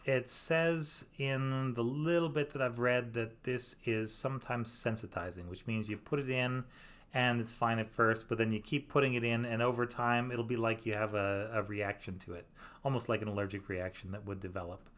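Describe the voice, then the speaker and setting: A man's voice: mid-range voice, fairly even intonation, moderate pace, fairly bright tone. Chatty man explaining science casually. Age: middle-aged. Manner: chatty, many fillers, reads questions aloud and comments. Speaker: virologist answering viewer questions.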